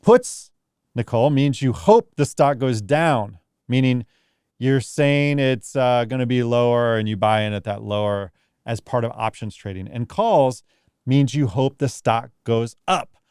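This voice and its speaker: A man's voice: mid-range voice, measured pace, a little mellow, clear, resonant tone, no room sound, studio quality. A man hosting a podcast who reads listener mail and adds playful, joking asides. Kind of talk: casual podcast banter.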